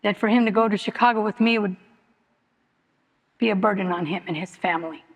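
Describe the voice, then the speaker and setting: A woman's voice: medium pitch, fairly quick, dull audio. A middle-aged woman giving a personal testimony at a recovery meeting, telling her story in an earnest, repetitive, emotionally open way. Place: meeting hall. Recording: long hall reverb.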